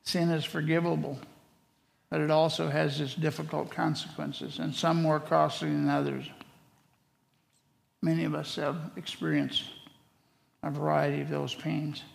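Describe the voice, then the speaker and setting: A man teaching through a book of the Bible, reading scripture aloud in a slow, deliberate way. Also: a little high, flat delivery, gravelly. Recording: long hall reverb.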